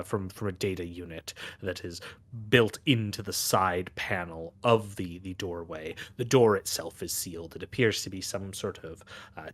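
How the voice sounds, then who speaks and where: A man running a tabletop game as game master, narrating the scene in a measured, descriptive way with small restarts. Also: low-pitched, no room sound.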